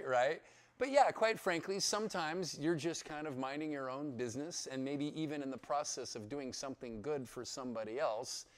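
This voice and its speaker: Man preaching, fairly high voice, very animated pitch, casual and chatty. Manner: chatty, keeps checking in with "yeah?". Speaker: pastor. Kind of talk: conversational Bible teaching.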